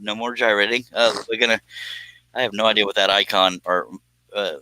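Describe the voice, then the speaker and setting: A man's voice: lowish voice, fairly even intonation, fairly quick, sharp tone, no room sound, poor audio. A middle-aged man hosting a casual live stream, giggling and reading out viewer comments. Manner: giggly, breaks into helpless laughter, reads out viewer comments.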